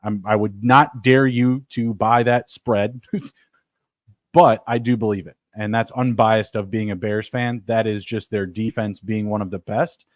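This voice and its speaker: A man co-hosting a sports betting podcast, brash and excitable, swearing and jumping loud and high as he talks. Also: unhurried, no room sound, studio quality. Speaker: podcast co-host. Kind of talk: casual sports betting chat.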